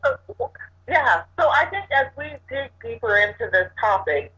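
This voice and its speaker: Woman chatting, bright voice, storytelling with little laughs, dull lo-fi sound. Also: sits high, sing-song, a little slow. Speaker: co-host. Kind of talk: casual chat.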